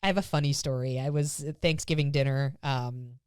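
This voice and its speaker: Give me a woman dog trainer with a low voice, telling animated stories on a podcast. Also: fairly quick, smooth, dry recording, studio quality. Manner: animated storyteller, acts out voices, laughs often. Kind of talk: casual podcast chat.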